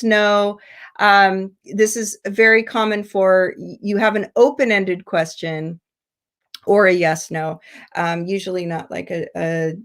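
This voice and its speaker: An American woman teaches an English lesson over a video call. She talks in a patient, explanatory way, stops on fillers and restarts her phrases as she works through the examples. Her voice sits at an ordinary middle pitch for a woman. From United States. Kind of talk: online seminar lesson.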